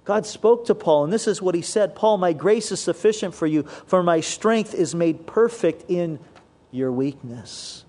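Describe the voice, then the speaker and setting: Pastor, male, higher-pitched voice, earnest sermon delivery that slows and sinks when quoting scripture. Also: a little mellow.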